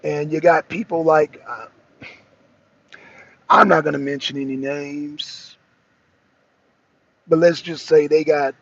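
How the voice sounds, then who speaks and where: A man's voice: on the high side, fairly even intonation, slow pace, vocal fry, long pauses, husky. Emphatic male livestream host, lo-fi sound. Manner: emphatic, repetitive, talks straight to the chat. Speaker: talk show host. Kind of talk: casual political commentary livestream.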